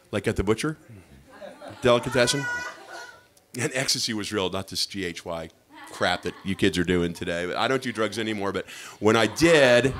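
A middle-aged man performing a chatty stand-up comedy set on a club stage. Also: slight background noise. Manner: lively, chatty, jumps into high-pitched voices for bits.

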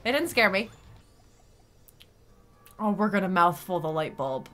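A woman streamer giving live gameplay commentary, excitable, often gasping, squealing and swearing when something surprises her. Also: fairly low pitch, a little slow, soft background music.

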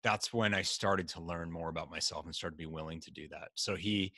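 A middle-aged man with a low voice and a bright, forward tone tells personal stories in a candid, reflective manner. The sound is dry and close, with almost no room echo. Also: a little fast. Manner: earnest, reflective, quotes others in lively asides. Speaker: podcast guest, life coach. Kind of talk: candid conversational storytelling.

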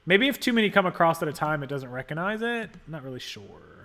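A man with a high, bright voice hosts a casual livestream. He rambles and thinks aloud while tinkering with settings, and he stops to thank viewers for their donations. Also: lively intonation, quick pace. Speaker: livestream host. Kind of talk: casual live-stream chat.

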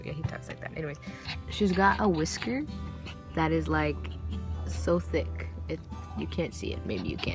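A young woman with a lowish voice chats into a handheld camera for her vlog. She rambles from one thing to the next and swears as freely as she breathes. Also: moderate pace, music in the background. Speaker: vlogger. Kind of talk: casual vlog chat.

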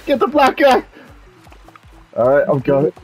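A woman gamer talking with friends during an online match, loud and profane, yelling warnings and often breaking into laughter. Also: on the low side, sing-song, a little slow, over music, low-quality recording. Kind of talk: casual game commentary.

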